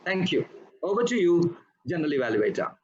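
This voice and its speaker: Guy, high voice, teachy grammar notes, kinda muffled lo-fi sound. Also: very animated, a little fast, darkish tone, a little hiss or hum. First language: not English. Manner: instructive, corrects usage and pronunciation word by word. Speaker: Toastmasters grammarian. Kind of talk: club meeting feedback report.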